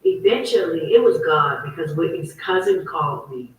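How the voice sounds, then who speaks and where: A woman's voice: low-pitched, lively intonation, normal speed, very echoey, recorded from a distance, low-quality recording. A woman hosting her own online talk show, telling a story in a heated, emphatic, repetitive way. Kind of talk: casual livestream monologue.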